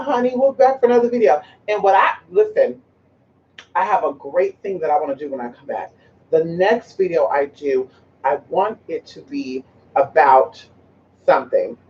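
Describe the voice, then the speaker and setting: A man's voice: high-pitched, recorded from a distance. A man vlogging at home in a sassy, chatty way, talking straight to his viewers and to his pet. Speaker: spiritual vlogger. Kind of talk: casual vlog chat to viewers. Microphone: camera mic. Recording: muffled camera audio from off the mic.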